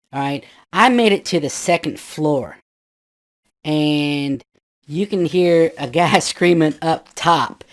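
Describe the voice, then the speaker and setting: Rambling middle-aged man telling a ghost story. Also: fairly high pitch. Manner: rambling, full of "you know" asides, acts out shouted quotes. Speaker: guest storyteller. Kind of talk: casual spoken ghost story.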